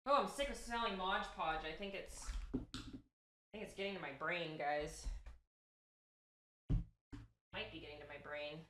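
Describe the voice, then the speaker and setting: A woman's voice: fairly low pitch, moderate pace, long pauses, slight background noise. Chatty young woman streamer, roomy echo. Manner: chatty, rambling, easily excited. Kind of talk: casual live-stream chat while crafting.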